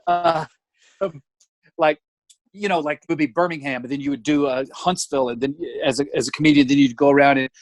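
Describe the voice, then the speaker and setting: Man, middle-aged, animated storyteller, slightly high voice, dry close sound. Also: fairly quick, dry recording. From Alabama, US. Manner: animated, chatty, acts out voices in stories. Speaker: guest comedian. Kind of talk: casual anecdotal storytelling.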